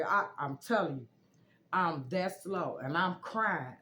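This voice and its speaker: A young woman casually telling a personal story, animated and jumping high when quoting herself. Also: measured pace, slight background noise.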